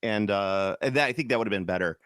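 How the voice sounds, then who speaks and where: A man's voice: on the low side, fast talker, fairly bright tone, clear, resonant tone, no room sound, clean studio sound. A man from Chicago co-hosting a podcast, chatting casually in a rambling, enthusiastic way, often trailing off and restarting. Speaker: podcast co-host. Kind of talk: casual chat.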